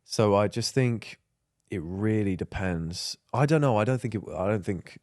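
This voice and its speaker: A man's voice: moderate pace, a little mellow, dry recording, clean studio sound. A man co-hosting a podcast, talking casually and trailing off as his voice drops. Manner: laid-back, trailing off, voice drops low at ends. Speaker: podcast co-host. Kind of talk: casual chat.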